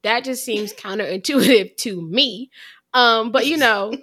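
A woman co-hosting a podcast, talking about a film in an animated, chatty, self-deprecating way. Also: a little high, a little slow. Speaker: podcast co-host. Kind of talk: casual podcast chat.

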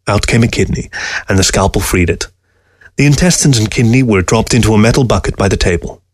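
A man narrating a short story aloud in a calm, steady storytelling manner. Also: fairly low pitch, brisk, no room sound, clean studio sound. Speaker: story reader. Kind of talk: audiobook narration.

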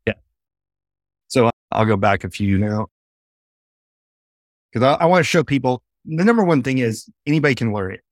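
A man speaking as a podcast guest from his home office over a video call, explaining things in an animated way and telling stories eagerly. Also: medium pitch, normal speed, pauses often, dry recording, clean studio sound. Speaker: podcast guest, face-reading trainer. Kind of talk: casual interview chat.

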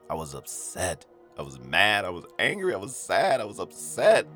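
A man's voice: fairly low pitch, big pitch swings, normal speed, sharp tone, soft background music. A man hosting a podcast, telling a confessional story in a dramatic, emotive way and repeating himself for effect. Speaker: podcast host.

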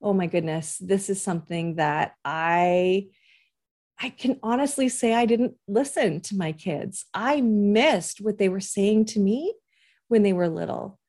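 A woman's voice: medium pitch, unhurried, a little mellow. Earnest woman parent coach. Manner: earnest and reassuring, acts out parent and child lines. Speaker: parent coach and podcast host. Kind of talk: advice podcast monologue.

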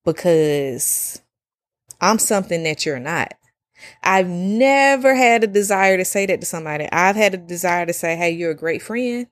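A woman, hosting a casual solo podcast and talking in an animated, slangy way with free swearing. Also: lowish voice, moderate pace, no echo, clean studio sound. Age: 30s. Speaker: podcast host.

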